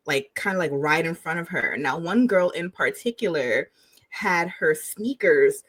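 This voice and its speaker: A woman co-hosting a podcast, telling stories in an animated way and laughing often. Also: on the low side, a little slow, slightly rough, dry recording. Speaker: podcast co-host. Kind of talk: casual chat.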